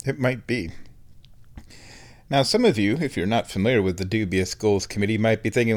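A man's voice: fairly low pitch, brisk, long pauses. A man around fifty hosts a casual solo show from home, rambling wryly and chuckling at his own jokes. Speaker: podcast host.

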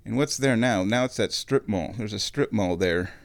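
A man from Omaha, Nebraska, telling a rambling, nostalgic story in a casual monologue, chuckling often and clearing his throat. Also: lowish voice, moderate pace, no echo. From Omaha, Nebraska, USA.

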